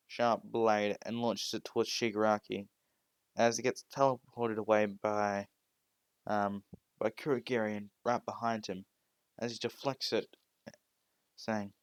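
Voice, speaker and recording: Slow, rambling male storyteller. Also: lowish voice, fairly even intonation, clean tone, dry recording. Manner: rambling, full of restarts and "well". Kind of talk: improvised fan-fiction narration.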